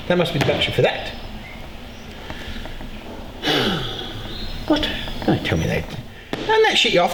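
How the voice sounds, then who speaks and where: A middle-aged man hosting a casual beekeeping vlog, joking excitedly and swearing freely. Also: fairly high pitch. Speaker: beekeeper and show host. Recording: echoey room with loud background noise.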